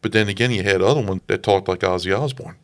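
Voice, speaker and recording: A man with a New Orleans accent speaks in a fairly low voice. He tells anecdotes on a casual film podcast and laughs often as he talks. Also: quick pace. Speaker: podcast co-host.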